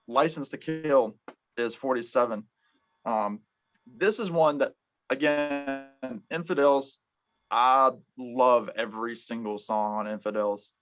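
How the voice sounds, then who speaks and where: A man hosting a casual music chat, talking in halting bursts full of ums and restarts. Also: mid-range voice, fairly bright tone. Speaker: podcast host. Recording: dull lo-fi sound.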